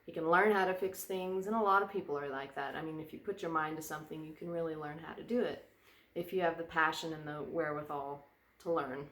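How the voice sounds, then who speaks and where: Low-voiced rambling woman vlogger. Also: fairly even intonation, quick pace, fairly bright tone, reverberant. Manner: rambling, goes off on tangents. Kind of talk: casual chat. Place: indoor room by a fireplace.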